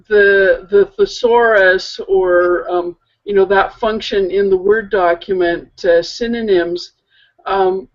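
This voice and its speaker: Woman co-host, mid-pitched, unhurried and halting, lo-fi recording. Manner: slow and hesitant, many pauses and fillers. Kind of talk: casual chat. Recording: muffled lo-fi audio.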